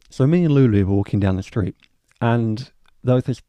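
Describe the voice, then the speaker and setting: A man's voice: mid-range voice, expressive, normal speed, dark tone, no room sound. A young man hosting a casual solo podcast, rambling, swearing freely and joking at his own expense. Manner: rambling, swears freely, self-mocking asides. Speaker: podcast host.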